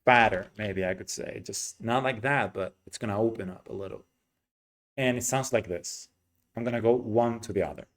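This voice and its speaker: A man teaching an English pronunciation lesson, explaining slowly and demonstrating vowel sounds by repeating them. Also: lowish voice.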